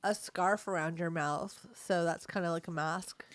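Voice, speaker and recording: A woman's voice: on the low side, fairly even intonation, no echo. Playful joking woman, dry close mic. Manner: playful, teasing, quick jokes and guesses. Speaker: podcast co-host. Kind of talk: casual chat.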